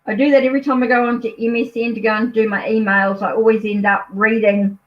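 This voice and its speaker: A woman's voice: a little high, level tone, quick pace, highs cut off. A woman with a New Zealand accent, a tarot reader chatting casually at home on a live stream, easily distracted, apologetic and thinking aloud.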